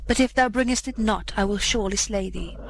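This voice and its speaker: A woman's voice: medium pitch, brisk, a little hiss or hum, close to an everyday voice, low-quality recording. A woman voicing a cruel male magician in a fairy tale, stern and threatening in old-fashioned speech.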